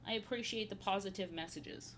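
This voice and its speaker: A woman in her thirties paints on a stream while chatting casually, rambling, repeating her own phrases and playfully slipping into silly voices. Her medium-pitched voice is a little fast and a bit bright, with slight hiss or hum.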